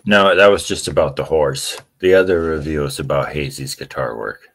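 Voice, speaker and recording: A man's voice: very deep voice, expressive, normal speed, fairly bright tone. A man making dry, teasing remarks in casual live-show chat.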